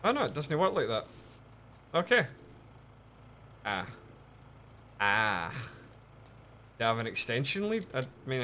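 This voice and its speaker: A man giving casual, lively commentary while streaming a game, chatting with viewers and swearing often. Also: on the low side, slight background noise.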